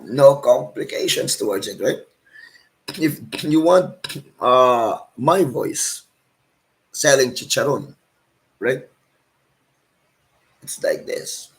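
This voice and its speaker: A man's voice: mid-range voice, lively intonation, takes it slowly, long pauses, low-quality recording. A man with a Cebuano Filipino accent, a street vendor explaining his selling calls to viewers in a casual way, often asking "right?". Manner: ends sentences with "right?" and "guys".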